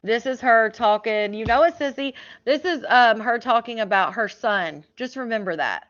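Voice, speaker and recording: A woman's voice: a little high, animated, moderate pace, a bit bright, muffled recording. A woman hosting a casual commentary stream, reacting bluntly to video clips with disbelief and some swearing. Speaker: host.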